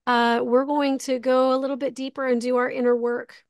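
A woman's voice: sits high, level tone, normal speed, darkish tone, clear, resonant tone, no echo, studio quality. A woman hosting a live online spiritual class, gushing and giggly as she speaks with emotion on a video call. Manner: effusive and giggly, gushing with feeling. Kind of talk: live online class, heartfelt closing remarks.

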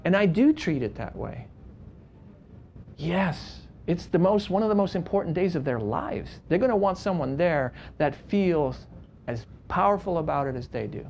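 A man's voice: fairly high pitch, lively intonation, moderate pace, creaky, darkish tone, slight background noise. Passionate man teaching a workshop. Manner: passionate, emphatic storyteller. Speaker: wedding photographer teaching a workshop. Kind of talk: live workshop talk. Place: room with an audience.

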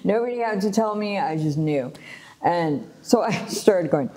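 A middle-aged woman from Los Angeles recounts her past in a relaxed interview chat. Her voice sits low and mellow. She tells it with animation, laughing often and restarting sentences full of fillers. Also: unhurried. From Los Angeles, USA. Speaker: guest sharing her testimony. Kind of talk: casual personal storytelling.

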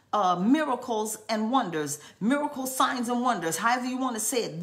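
A woman's voice: on the high side, fairly bright tone. A woman preaching a charismatic sermon, fervent and repetitive, breaking into tongues.

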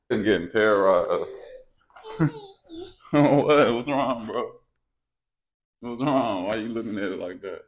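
A man's voice: fairly low pitch, slow, pauses often. A young man hosting a casual home vlog, playfully coaxing kids and dogs and laughing often. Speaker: vlogger. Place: home kitchen. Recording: noisy home recording.

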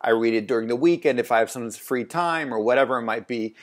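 A man's voice: mid-range voice, fast. A man who runs a translation agency, giving casual, rambling advice to camera, with frequent fillers and restarts. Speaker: translation agency owner, video host. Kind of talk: casual talking-head advice.

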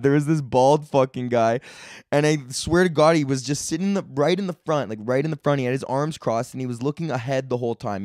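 Male comedian host, 30s, profane and animated storyteller, dry booth. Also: medium pitch, dry recording. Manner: profane, excitable, laughs often. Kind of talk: casual storytelling rant.

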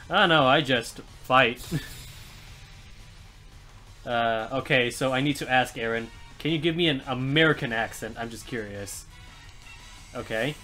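A man's voice: medium pitch, measured pace, pauses often, sharp tone, soft background music. A man streaming a live let's play, chatting with viewers, laughing often and joking between moves. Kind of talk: live gameplay commentary.

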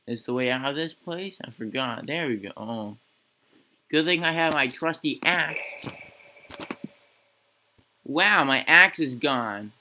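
A young man talks slowly through a horror game, his tone bright and a little sharp. He rambles and jokes, half-scared and half-playful, narrating whatever his character runs into. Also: mid-range voice, lively intonation. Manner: rambling, jokey, mock-scared talk to himself. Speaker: gaming channel host. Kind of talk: casual gameplay commentary.

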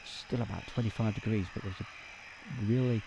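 A man from the north of England hosting a live stream, chatting excitably with lots of fillers and laughs. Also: lowish voice, moderate pace, noisy background. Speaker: livestream host. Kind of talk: casual live chat reading viewer comments.

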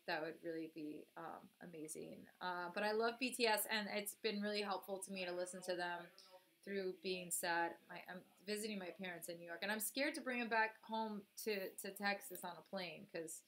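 A woman's voice: fairly low pitch, fairly bright tone. A woman dancer and vlogger with a cold, chatting casually to her viewers as she reacts to a music video. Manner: chatty, talks straight to viewers as "guys". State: has a cold.

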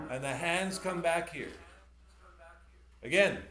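A man with a fairly high voice coaches a piano student in an online masterclass. He talks animatedly, demonstrates passages and gives encouraging corrections. The room is echoey, and piano playing sounds behind him. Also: animated, a little slow. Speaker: piano teacher.

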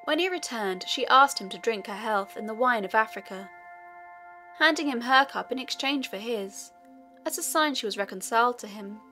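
A woman narrating a fairy tale audiobook in a steady storytelling manner. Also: a little high, normal speed, soft background music.

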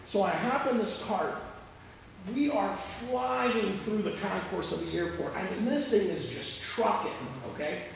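High, gravelly-voiced pastor in an echoey hall. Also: male voice, a little slow, slight background noise. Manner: animated, conversational, checks in with listeners. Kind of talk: sermon storytelling. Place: church sanctuary. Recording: echoey church hall from far off.

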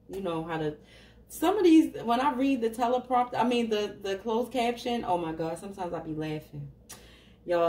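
Casual and talkative, a tarot reader speaks directly to her viewers while reading cards, laughing often. Her voice is medium in pitch. The audio has slight background noise and room echo, and she's positioned a bit far from the mic.

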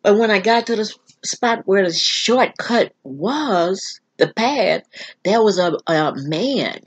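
A woman telling a personal story on her vlog in an earnest, halting way, often restarting. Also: medium pitch, lively intonation, slightly rough, muffled recording. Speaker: vlog host.

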